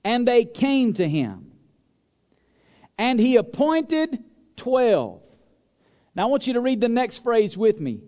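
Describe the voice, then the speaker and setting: High-voiced preaching man, emphatic. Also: sing-song, slow pace, pauses often, in a large hall. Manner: emphatic preaching, asks the congregation to answer aloud; swings between loud stressed phrases and low quiet asides. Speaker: pastor. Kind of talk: sermon. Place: church.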